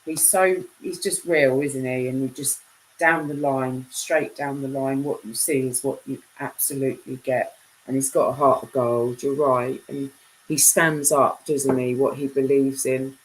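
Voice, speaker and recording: A woman's voice: very deep voice, steady tone, measured pace, slight background noise, low-quality recording. A woman chatting casually on a live stream, reading viewers' comments and bantering with them, laughing often.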